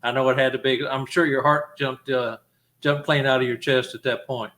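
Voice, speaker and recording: Bright-voiced male talk show host. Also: medium pitch, flat delivery, moderate pace. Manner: friendly, encouraging questioner. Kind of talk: casual interview chat.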